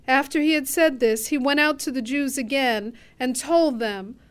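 Woman reading scripture, high voice, slow and measured. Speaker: scripture reader.

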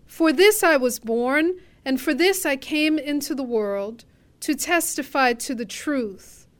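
A woman giving voice to a calm accused man on trial, answering in a measured, solemn way. Her high voice moves slowly through each phrase.

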